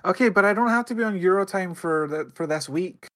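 A man trading banter with friends on a gaming podcast. His voice sits a bit high for a man, and he talks in quick, excitable bursts, often breaking into laughter. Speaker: podcast co-host. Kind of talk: casual gaming chat.

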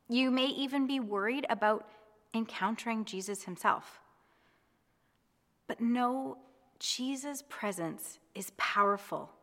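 Gentle woman preaching, echoing reverb. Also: mid-range voice. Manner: gentle, reassuring, reflective. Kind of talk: devotional sermon.

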